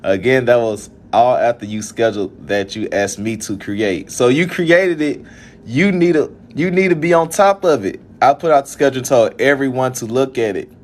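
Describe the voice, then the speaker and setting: A man's voice: medium pitch, normal speed. A young man from Alabama with a Southern accent, venting in a casual vlog with frustrated laughs. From Birmingham, Alabama. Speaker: event organizer.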